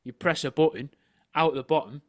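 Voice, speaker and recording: A man co-hosting a podcast over a remote call, trading dry, deadpan jokes and laughing easily. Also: on the high side, brisk. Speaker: podcast co-host. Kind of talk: casual banter.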